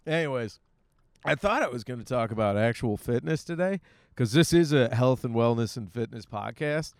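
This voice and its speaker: Driving along, a man hosts a podcast in a rambling, casual way, cracking jokes at his own expense, swearing plenty and slipping into silly voices. His medium-pitched voice is animated at a normal speed, with clean studio sound and no echo.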